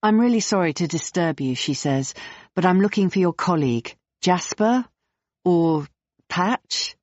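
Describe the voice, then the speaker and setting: A narrator voicing a nervous, polite young woman asking careful questions, pitched higher than the narration, on a dull, dry recording. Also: lively intonation, unhurried, a little mellow, dry recording. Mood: inquisitive. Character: nervous, inquisitive young woman searching for someone.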